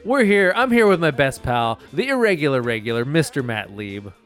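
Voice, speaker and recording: A man's voice: medium pitch, sing-song, moderate pace, a bit bright, faint music behind. A man hosting a casual comedy podcast, laid-back with wry asides. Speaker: podcast host.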